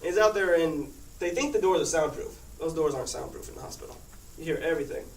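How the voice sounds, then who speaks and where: A teenage boy with a slightly high, gravelly male voice tells his class a rambling personal story, talking fast with lively intonation and laughing often. It's a casual anecdote, picked up by a distant mic in an echoey, noisy room.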